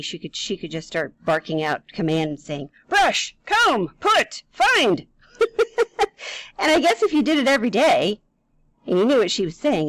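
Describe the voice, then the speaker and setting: A woman's voice: on the low side, dry recording, low-quality recording. A woman teaching a grammar lesson to young children, playful and chatty, talking straight to them with questions.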